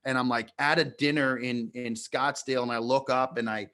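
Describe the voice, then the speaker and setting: A man's voice: medium pitch, steady tone, normal speed, fairly bright tone. A man co-hosting a podcast, telling a long story in a casual, rambling way. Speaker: podcast co-host.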